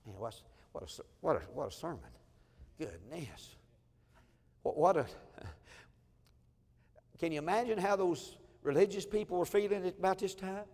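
Storytelling pastor in a reverberant church. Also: male voice, high voice, a little mellow. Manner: storytelling, acting out family quotes, chuckling asides. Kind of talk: sermon. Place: church sanctuary. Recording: long church hall reverb.

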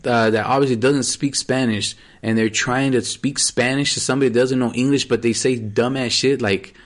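A man's voice: medium pitch, steady tone, normal speed. A man in casual podcast chat, talking loosely with plenty of swearing and laughter. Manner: loose, profane, laughing, playful.

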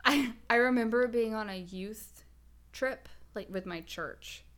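A woman's voice: a little high, a little slow, a bit bright. Chatty young woman, laughing storyteller. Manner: rambling, laughs often, filler-heavy storytelling. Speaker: podcast co-host. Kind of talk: casual chat.

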